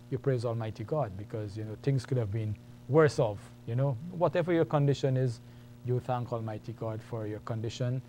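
A man's voice: medium pitch, a little mellow, a little hiss or hum. A man teaching a beginners' lesson, patiently explaining and repeating each point step by step. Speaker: Arabic teacher. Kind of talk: classroom lesson.

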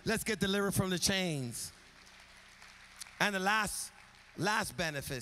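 High, bright-voiced man preaching in a hall. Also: expressive, a little slow. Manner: rhythmic preaching with rising emphatic build-ups. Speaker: pastor. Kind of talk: sermon. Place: church sanctuary. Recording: reverberant church hall.

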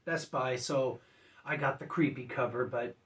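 A man casually reviewing discs at home, rambling and correcting himself, often clearing his throat as if he just woke up. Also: mid-range voice, unhurried, fairly bright tone, far from the mic, slight background noise. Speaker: disc reviewer.

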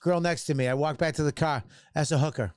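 A man co-hosting a comedy podcast, talking loudly and crudely, riffing and slipping into quick bits. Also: on the high side, smooth, no room sound. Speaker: podcast co-host. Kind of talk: casual comedic chat.

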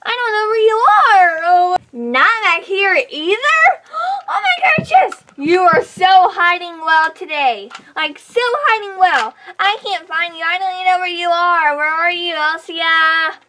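A woman's voice: very high-pitched, animated, unhurried, bright, forceful tone, exaggerated voice. A child voicing a cheerful little girl doll in a home doll play video, bubbly and giggly. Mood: playful.

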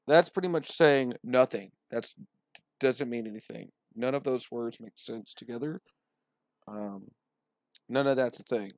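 A man doing a comedic scripture retelling in a profane, slangy, wry way, full of hesitant restarts. He talks slowly at a middling pitch, and his voice is recorded close and dry. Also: no room sound.

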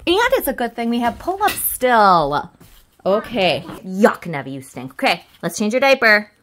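Very animated and a bit bright, this mid-range voice belongs to a woman in her thirties who speaks a little slowly. She's a mom in family kids' videos, fussing over her child like a baby in exaggerated sing-song pretend play.

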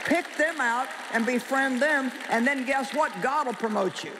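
In a large hall full of people, a woman with a high voice preaches at normal speed, emphatic and joking as she quizzes her listeners. Background noise, long hall reverb, and a faint crowd are audible.

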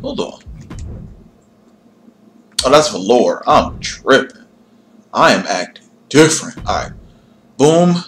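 A man's voice: mid-range voice, big pitch swings, slow pace, pauses often, slight background noise. A young man casually chatting to his viewers while building a character in a game, reassuring himself and joking at his own expense. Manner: chatty, talks to chat while tinkering, self-deprecating. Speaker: gaming livestreamer. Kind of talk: casual livestream commentary.

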